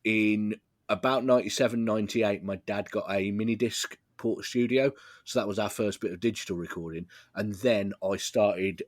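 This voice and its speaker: A man's voice: lowish voice, steady tone, normal speed, dry recording, clean studio sound. A man talking as a podcast guest in a rambling, casual way, with plenty of fillers. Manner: rambling, fond of filler words, laughs easily.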